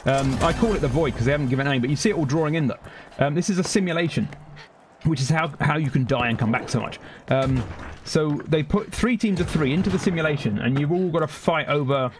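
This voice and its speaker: A man's voice: on the high side, quick pace, noisy background. A young man with a London accent chatting casually while streaming gameplay, rambling and breaking off to react to the game. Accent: London English. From Britain. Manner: rambling, self-interrupting, reacting to the game mid-sentence. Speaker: gaming streamer. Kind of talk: casual live-stream chat over gameplay.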